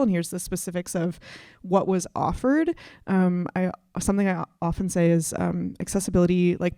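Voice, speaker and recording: A woman with a slightly low voice talks candidly on a panel discussion, chatty and loose, full of little fillers. The sound is dry and close. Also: warm tone, dry recording.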